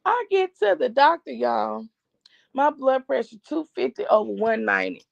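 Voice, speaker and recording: Her voice is a little high, creaky and expressive at a normal speed as this middle-aged family-channel host chats with viewers and relays a long story full of "I said, he said." The streaming setup gives dull, lo-fi, dry sound without echo.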